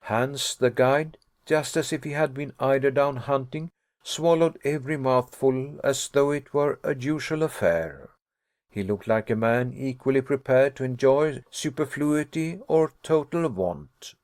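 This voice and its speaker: A man narrating an audiobook in a measured, formal reading manner. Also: mid-range voice, a little mellow, dry recording, clean studio sound.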